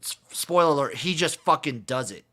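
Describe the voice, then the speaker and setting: A man's voice: on the high side, expressive, brisk, sharp tone. A man co-hosting a podcast in loose casual chat, joking and asking his partner questions. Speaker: podcast co-host.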